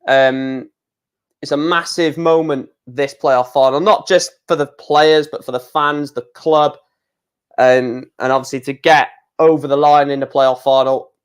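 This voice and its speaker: A man hosting a live football watch-along, calling the play with fillers and erupting into shouts at big chances and goals. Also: medium pitch, fairly even intonation, measured pace, clear, resonant tone. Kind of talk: live football match commentary and reaction.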